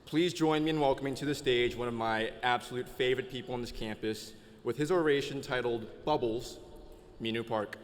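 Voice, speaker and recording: A man's voice: mid-range voice, brisk, noisy background. A man introducing the next speaker at an outdoor ceremony in a playful, teasing way. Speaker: ceremony presenter. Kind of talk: formal introduction. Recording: outdoor PA with long reverb.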